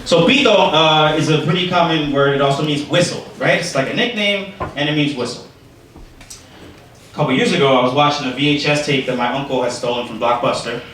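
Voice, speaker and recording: Brief: New York-accented male comic, streetwise and profane, a bit high, distant mic in a noisy club. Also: a little fast, heavy reverb. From Brooklyn, New York. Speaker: stand-up comedian. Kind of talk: stand-up comedy. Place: comedy club stage.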